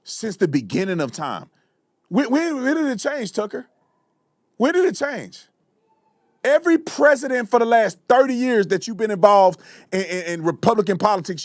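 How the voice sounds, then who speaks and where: A man hosting a live commentary show, delivering a fiery, repetitive rant that sometimes breaks into shouting. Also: high voice, very animated, moderate pace, no echo, clean studio sound. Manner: fiery, ranting, repeats himself, shouts at times. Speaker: show host. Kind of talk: heated live political commentary.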